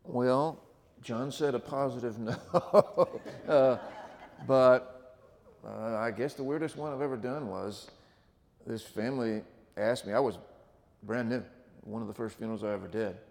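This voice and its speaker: A man's voice: medium pitch, moderate pace, vocal fry, long pauses, darkish tone. A man, a pastor, speaking earnestly and reflectively to a congregation. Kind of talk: conversational church talk. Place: large church sanctuary. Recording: church hall reverb.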